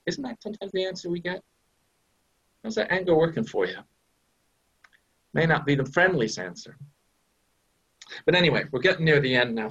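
A man from the USA, a minister giving a sermon in a conversational, animated way, often adding "right?". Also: a little high, slightly rough. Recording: dull lo-fi recording.

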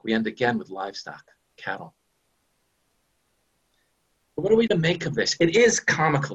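A man from the USA, a minister giving a sermon in a conversational, animated way, often adding "right?". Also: medium pitch, breathy edge. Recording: dull lo-fi recording.

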